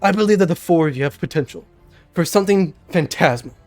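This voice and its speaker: A stern old male mage, as a young man puts him on for a tabletop game, slow and grave, with a groggy edge over a fairly high natural voice. Faint music plays underneath. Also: expressive, darkish tone, close to an everyday voice. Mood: earnest. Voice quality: slightly lowered, groggy-sounding voice. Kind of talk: game master voicing a character.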